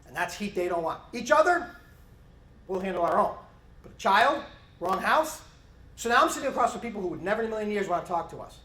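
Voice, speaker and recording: A middle-aged man training police officers, giving an animated conference presentation and acting out bits of interview dialogue. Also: sits high, fast talker. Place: conference hall. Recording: echoey conference hall.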